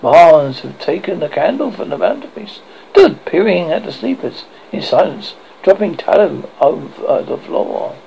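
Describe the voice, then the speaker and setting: A man reading a horror story aloud as host, with a dramatic, expressive delivery. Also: fairly high pitch, normal speed, gravelly, slight background noise. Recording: dull lo-fi recording.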